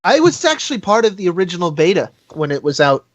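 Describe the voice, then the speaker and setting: A man with a somewhat high voice rambles through a casual chat as a podcast guest, full of fillers, restarts and self-deprecating asides. The sound is dry and a little dull, like lo-fi call audio. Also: big pitch swings, fast talker, no echo.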